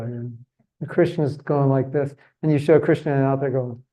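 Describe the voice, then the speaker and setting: A man's voice: medium pitch, fairly even intonation, moderate pace, dark tone, low-quality recording. A man giving a religious seminar talk in a chatty, humorous, self-deprecating way. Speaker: seminar speaker.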